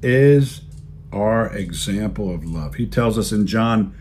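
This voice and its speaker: A fairly low-voiced man preaching to his church in a plain, folksy way. He repeats his key phrases for weight and talks like he's chatting with his flock. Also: a little slow, a little mellow, a little hiss or hum. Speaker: pastor. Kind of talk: sermon. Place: church video service.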